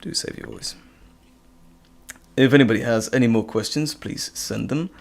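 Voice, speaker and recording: A man hosting a casual live stream, chatting in a relaxed, rambling way with chuckles. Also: medium pitch, moderate pace, gravelly. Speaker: host.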